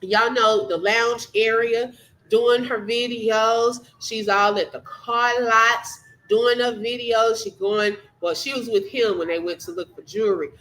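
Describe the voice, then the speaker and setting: A woman's voice: a little high, fairly even intonation, measured pace, fairly bright tone, rough recording. A woman hosting a live reaction stream, chatting casually and thanking viewers by name. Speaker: livestream host.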